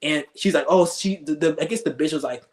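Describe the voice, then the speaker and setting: Speaking quickly in a voice on the high side, a male streamer goes off on a rant. He rambles, sneers, and curses throughout his commentary.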